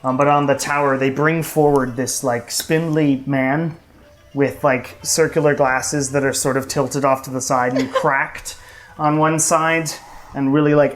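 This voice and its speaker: A man narrating a tabletop game as game master, talking in a relaxed, loose way with many fillers. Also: medium pitch, rough recording. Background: faint music.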